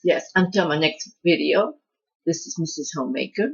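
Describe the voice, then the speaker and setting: A woman's voice: low voice, moderate pace, vocal fry, breathy edge, lo-fi sound. A woman hosting her own home cooking channel, chatting in a rambling, self-deprecating way as she walks through a recipe. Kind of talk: casual cooking vlog chat.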